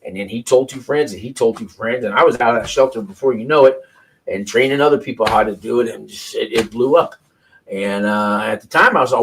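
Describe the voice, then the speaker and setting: A man's voice: mid-range voice, fairly quick, a bit bright, husky, poor audio. A man hosting a call-in show, talking off the cuff in a rambling, profane way with lots of restarts. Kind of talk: casual unscripted commentary.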